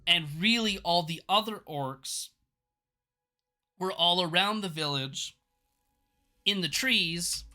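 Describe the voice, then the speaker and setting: A man streaming live, casually recapping a TV episode, rambling along with amused laughs and quick acted-out quotes. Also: high voice, pushed and bright, faint music behind. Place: home streaming setup.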